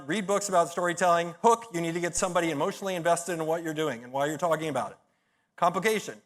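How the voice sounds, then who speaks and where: A man's voice: on the high side, fairly bright tone. A middle-aged man giving a conference talk, telling stories in a punchy, blunt way with profane, self-mocking humor. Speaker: conference speaker.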